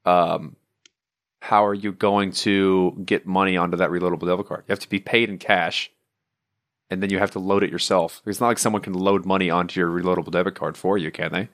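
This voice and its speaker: A man co-hosting a casual podcast, speaking earnestly in a low voice. He rambles through his points with many fillers. The recording is dry and close. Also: steady tone, brisk, a bit bright, no room sound. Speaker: podcast co-host. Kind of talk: casual chat.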